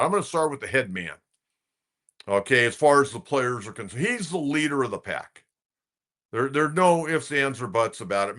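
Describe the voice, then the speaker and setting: A man's voice: mid-range voice, fairly bright tone. A man hosting a sports talk podcast, who talks bluntly and conversationally and repeats himself for emphasis. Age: older.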